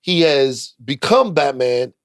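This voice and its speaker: A man in a casual podcast conversation who argues insistently, circling back to repeat his point. He speaks at an ordinary pitch, and his voice sounds dry and close with little room echo. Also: expressive, takes it slowly. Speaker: podcast co-host. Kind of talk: casual chat.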